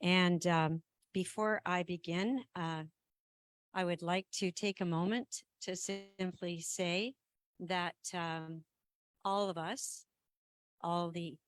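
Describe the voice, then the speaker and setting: In a meeting room, a woman with a fairly low, steady voice chairs a formal council meeting. She speaks in a measured way but often says "um" and restarts.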